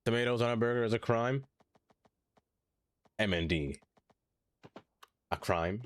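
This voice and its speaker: A man's voice: mid-range voice, measured pace, no room sound. A man live-streaming a city-building game, chatting casually and reading chat aloud, ranting animatedly and laughing often.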